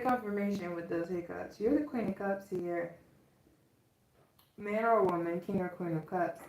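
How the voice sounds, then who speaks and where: A woman's voice: medium pitch, slight background noise. A woman with a Southern drawl giving a casual tarot reading to her viewers, chatty and emphatic, often checking in with "okay?". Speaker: tarot reader. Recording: roomy echo, distant from the mic.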